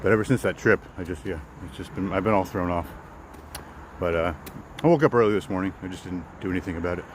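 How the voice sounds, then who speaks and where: Background noise accompanies a deep-voiced man speaking fast as he hosts a live walk in the woods. He chats casually with his viewers, wandering between topics and repeating himself.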